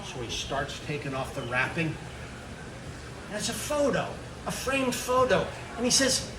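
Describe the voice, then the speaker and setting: A man performing a stand-up storytelling set, animated as he acts out the tale. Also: high-pitched, a little slow. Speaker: comedian. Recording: echoey stage from far off with noise.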